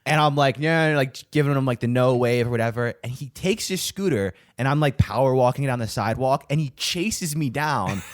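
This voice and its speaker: A young man co-hosting a podcast, telling stories in a profane, animated way with acted-out quotes. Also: mid-range voice, a little fast, hardly any pauses, no echo, clean studio sound. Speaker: podcast co-host. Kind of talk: casual chat. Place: Denver.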